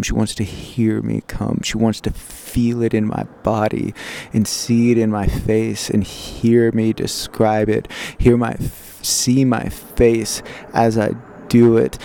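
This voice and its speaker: A man recording an intimate personal audio diary, recounting a memory in a slow, halting, reflective way. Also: mid-range voice, gravelly, dark tone. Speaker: diarist. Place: outdoor garden.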